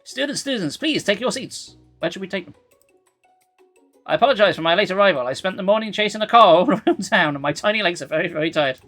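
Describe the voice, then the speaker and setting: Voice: mid-range voice, expressive, fast talker, fairly bright tone. Streamer doing a formal, lecturing dog professor; polite, fussy, faint music under. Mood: apologetic.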